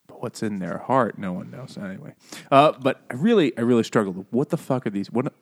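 A man's voice: mid-range voice, expressive, normal speed, long pauses. A man co-hosting a casual book-and-beer podcast, rambling, swearing freely and laughing often. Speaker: podcast co-host. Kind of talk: casual book chat over beers.

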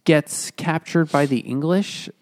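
Slow gravelly man, dry sound. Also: fairly high pitch, no echo. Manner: halting, restarts while recapping the plot. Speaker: podcast co-host. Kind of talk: casual chat about a book.

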